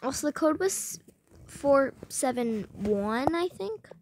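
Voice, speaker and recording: A woman's voice: high-pitched, sing-song, slow pace, darkish tone, slight background noise. A woman casually chatting over game voice chat while playing a restaurant server, playful and chatty with the other players. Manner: chatty, playful, serving guests in a pretend restaurant. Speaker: game channel host. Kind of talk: casual voice-chat role-play.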